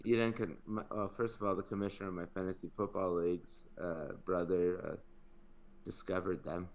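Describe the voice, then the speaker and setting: A man co-hosting a podcast in casual chat, with a very deep voice. He drops wry, deadpan jabs into the conversation. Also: normal speed. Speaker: podcast co-host.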